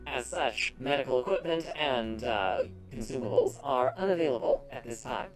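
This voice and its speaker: A man voicing a polite, formal quartermaster robot in a tabletop game, with a measured, stiff delivery. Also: mid-range voice, animated, natural voice, poor audio. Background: music.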